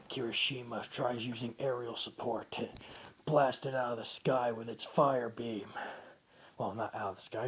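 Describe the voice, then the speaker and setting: A man narrating a fan story in a slow, half-whispered storytelling manner. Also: mid-range voice, flat delivery, slightly rough. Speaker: fan fiction reader.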